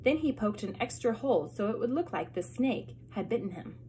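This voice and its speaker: A woman teacher reading a chapter book aloud to her students, expressive and adding asides. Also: a little high, a little fast, a little hiss or hum.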